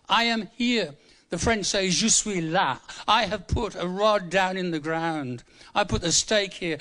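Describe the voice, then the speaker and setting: High-voiced man of seventy-five preaching. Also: unhurried, hardly any pauses, sharp tone. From England. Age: 70s. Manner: humorous, conversational, repeats words for emphasis. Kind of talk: sermon. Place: church.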